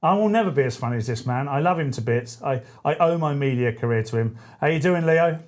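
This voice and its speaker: A man's voice: medium pitch, animated, fast talker. A man hosting a talk radio show, chatty and rambling, often correcting himself mid-sentence. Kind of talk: casual talk radio chat.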